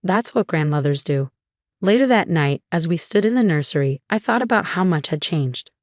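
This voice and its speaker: A woman narrating a first-person family story in a steady, even manner. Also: fairly low pitch, brisk, dry recording, studio quality.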